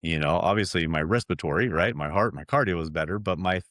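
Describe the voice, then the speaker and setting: A middle-aged man with a very low, deep voice tells his story as a podcast guest. He speaks earnestly and rambles a little, restarting sentences often. The recording is close and dry, with no room sound. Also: quick pace, a bit bright, dry recording. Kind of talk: personal storytelling in an interview.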